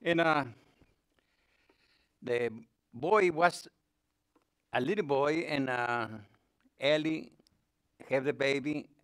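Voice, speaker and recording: A man slowly retelling a Bible story to a group in halting, broken English. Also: on the high side, a bit bright, clear, resonant tone. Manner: halting, with broken English grammar and many pauses. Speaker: lay speaker.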